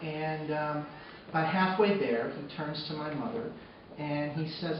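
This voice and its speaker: A man's voice: fairly high pitch, measured pace. Man telling a story in an echoey hall. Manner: swings from hushed, sombre narration to loud, excited retelling. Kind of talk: personal storytelling on stage. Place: arts center stage before a live audience. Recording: echoey hall from far off, dull and noisy.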